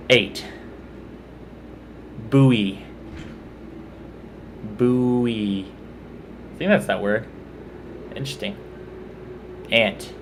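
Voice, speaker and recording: A man's voice: fairly low pitch, slight background noise. A man from Texas with a Texan accent, reading out a word list and casually commenting on how he says each word. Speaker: vlogger.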